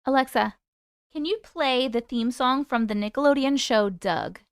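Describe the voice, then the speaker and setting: A woman's voice: high-pitched, moderate pace, clean tone, no room sound, clean studio sound. A young adult woman hosting a live stream, chatting casually and laughing as she reads viewers' comments aloud. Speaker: YouTube live host.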